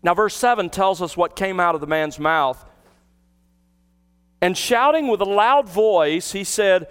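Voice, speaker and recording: A man with a high, smooth, resonant voice delivers an expository sermon from the pulpit. He teaches earnestly, retells the scene vividly and asks his listeners rhetorical questions. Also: unhurried, a bit bright. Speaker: pastor.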